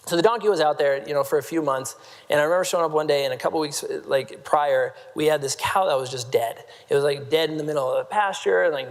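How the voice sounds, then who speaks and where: A man from Nebraska giving a humorous keynote talk on a convention stage, joking with the crowd and filling his sentences with "like". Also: fairly high pitch. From Nebraska, United States. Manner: playful, self-mocking, heavy use of "like", quips at the crowd. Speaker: motivational keynote speaker. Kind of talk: humorous storytelling talk to a live audience. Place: large convention hall main stage. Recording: long reverb of a large hall.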